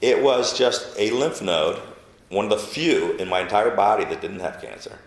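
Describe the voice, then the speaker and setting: A man being interviewed, telling a personal story in a halting, emotional way, with many restarts and a softer voice when he quotes people. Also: lowish voice, echoey room. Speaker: interview guest.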